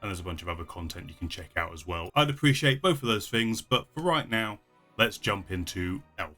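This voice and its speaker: A man's voice: lowish voice, animated, fairly quick, sharp tone, soft background music. A man hosting a casual movie reaction, chatty, with lots of fillers and frequent laughs. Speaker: YouTube reaction host.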